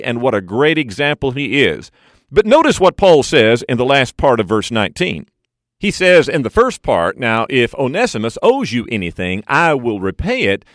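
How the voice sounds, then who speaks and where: A man preaching an expository sermon, who slows down to lean on key phrases. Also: no echo, studio quality. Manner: expository preaching with lively swings in pitch and slowed emphasis on key phrases.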